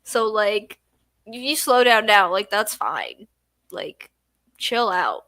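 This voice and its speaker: A woman's voice: mid-range voice, sing-song, slow pace, pushed and bright, no room sound. A tired young woman chatting casually on a late-night livestream at home, yawning and drowsy. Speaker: streamer.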